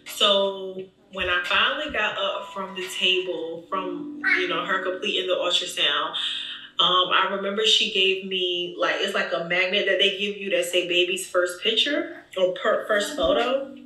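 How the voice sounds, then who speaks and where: Chatty woman, bright and echoey. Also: medium pitch, measured pace. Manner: animated, chatty, addresses viewers directly. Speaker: vlogger. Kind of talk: emotional storytime. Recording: echoey room, distant mic.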